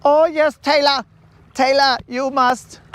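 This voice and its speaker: Man voicing a flamboyant Southern wedding planner, high, theatrical, slow. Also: fairly even intonation, a bit bright, heavily acted. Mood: gushing. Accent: Southern US, put on.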